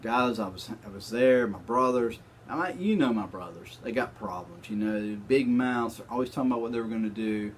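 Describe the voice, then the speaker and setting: A man's voice: lowish voice, lively intonation, fairly quick, hardly any pauses, slight background noise, natural voice. A man playing a boastful young shepherd who swaggers through a battle tale in slangy, brash exclamations. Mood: bragging. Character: boastful young male shepherd bragging about his battle.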